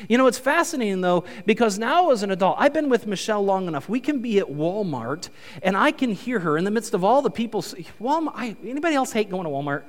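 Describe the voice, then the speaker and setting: A male pastor giving a conversational, animated sermon in a church. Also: high voice, fast talker. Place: church sanctuary. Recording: reverberant church hall.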